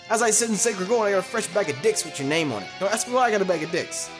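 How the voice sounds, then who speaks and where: Loud, animated young Let's Play commentator. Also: mid-range voice, very fast, over music. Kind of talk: gaming commentary. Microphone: desk mic with facecam.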